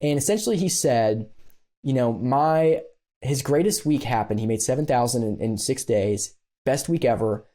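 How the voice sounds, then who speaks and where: A man on a podcast, relaxed and mellow in tone, recounting a story at an easy middle pitch. He is animated and self-deprecating, and he fills his sentences with casual "ums" and "you knows.". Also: normal speed. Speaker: podcast guest, business consultant. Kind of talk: conversational storytelling.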